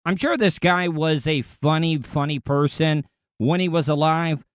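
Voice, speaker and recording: A man talks through a casual monologue in a smooth, clean voice that sits a bit high. The sound is close and dry, and he speaks bluntly and candidly. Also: unhurried, no room sound. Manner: blunt, profane, candid storytelling. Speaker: podcast host.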